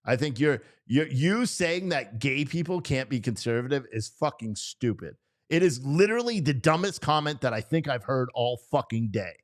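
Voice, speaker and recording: In unscripted, casual livestream chatter, a host reacts to chat comments with swear-heavy rants and laughs at himself. He has an animated, mid-range voice and speaks at normal speed.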